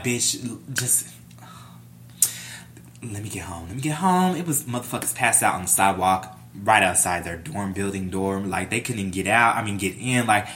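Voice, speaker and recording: A young adult man vlogging a casual storytime, animated and profane, playing up every scene. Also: medium pitch.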